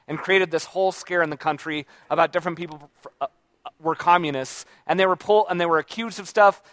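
A man's voice: a little high, a bit bright, no room sound. A man talking casually and reflectively about books he has read, rambling along with frequent restarts and self-corrections. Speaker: book reviewer. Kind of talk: casual book talk.

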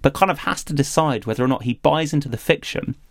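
A man's voice: a little high, fast, dry recording, studio quality. A man, co-hosting a podcast, talking thoughtfully and animatedly with some laughter. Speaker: podcast co-host. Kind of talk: casual podcast review chat.

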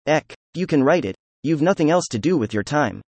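A man voicing an excitable, proud young nobleman under questioning, talking effusively and emphatically. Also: a little high, a little fast, husky, no room sound. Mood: defiant.

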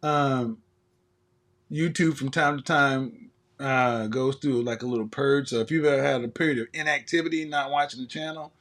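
A man's voice: mid-range voice, moderate pace, a bit bright. A man hosting a live stream, ranting in a casual comedic way, profane and laughing often.

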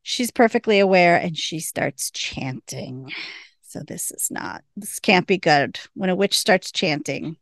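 Brief: woman co-host, vocal fry, dry close sound, chatty scene-by-scene recap. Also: fairly low pitch, animated, unhurried, dry recording. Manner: retells scenes quoting characters, chatty. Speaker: podcast co-host. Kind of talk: casual episode recap.

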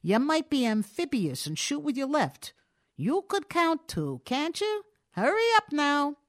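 A woman reading aloud puts on a laid-back male burglar in a storybook tale, friendly and slangy even with a gun in hand. He talks in a casual, conversational drawl, with a lively voice that rises and falls a great deal. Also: mid-range voice, unhurried. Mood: commanding. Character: easygoing male burglar, chatty and folksy. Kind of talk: audiobook reading.

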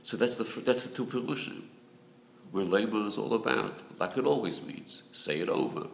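Low gravelly guy walking a study group through a text, says the same point over and over, echoey room with some hiss. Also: lively intonation, normal speed. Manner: patient, repetitive explaining, clears throat. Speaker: Torah study group leader. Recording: echoey room with background noise.

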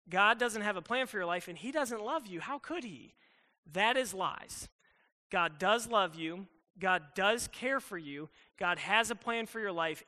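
A man's voice: high-pitched, bright, forceful tone, big-room sound. A young man preaching to a youth group, emphatic and conversational, acting out the doubts of his listeners. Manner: emphatic and conversational, acts out inner thoughts. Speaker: youth pastor. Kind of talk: sermon.

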